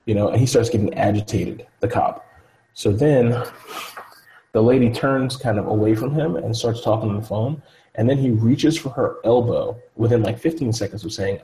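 A man talks through a story in loose, casual chat. His voice sits a bit low and sounds mellow and relaxed. He rambles, fills gaps with "like" and "you know", and acts out the people he quotes. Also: a little fast, rough recording.

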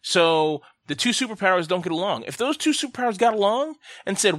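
A man with a fairly high voice rants on a casual podcast, swearing freely and speaking bluntly. His pitch and loudness jump around as he gets heated. The sound is dry and close, with no room echo. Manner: profane, ranting and blunt; animated, with quick swings in pitch and loudness. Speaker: podcast host.

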